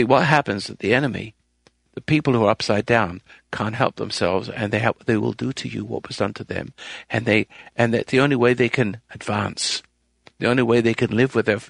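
A low, gravelly man's voice, recorded close and dry on a studio radio mic. He hosts a call-in advice show and preaches to his listeners, rambling, restarting sentences and swinging from firm, near-shouted emphasis to a hushed near-whisper. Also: dry recording. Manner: emphatic, preachy, swings between firm loud and quiet soft delivery.

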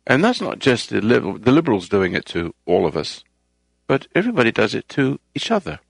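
A man's voice: medium pitch, huge pitch swings, a little fast, vocal fry, breathy edge, dry recording. A man hosting a talk program, delivering a rambling, moralizing monologue and raising his voice to stress points. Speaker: radio show host.

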